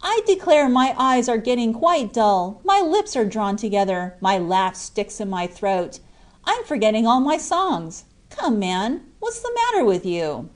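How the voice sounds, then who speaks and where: A woman doing a merry young miner, high and bouncy. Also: measured pace. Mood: jovial. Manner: lively, coaxing, exclamatory. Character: cheerful young male miner, jovial and teasing. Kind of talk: audiobook character voice.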